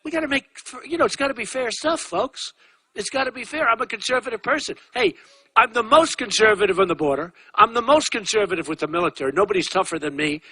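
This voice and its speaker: A high-voiced man in his sixties from the United States talks fast at a campaign rally, with lively intonation and a pushed, bright, slightly rough sound and no echo. The speech is boastful, repetitive and conversational, full of asides to the crowd.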